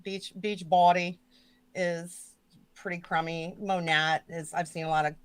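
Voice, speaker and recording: A woman's voice: on the low side, fairly even intonation, measured pace, clear, resonant tone, no room sound. Woman, stream host, casual joking chat, swears freely, dry close sound. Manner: chatty, profane, jokey asides to chat.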